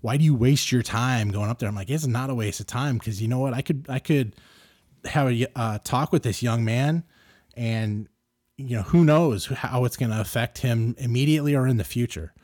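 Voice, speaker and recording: A middle-aged man hosting a podcast, telling a story casually and getting animated and louder as he gets worked up. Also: mid-range voice, normal speed, dry recording, clean studio sound. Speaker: podcast host.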